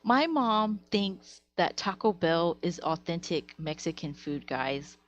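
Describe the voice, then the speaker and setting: A woman live streamer telling stories in a casual, animated way, laughing often. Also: on the low side, takes it slowly, highs cut off. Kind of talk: casual storytelling to chat.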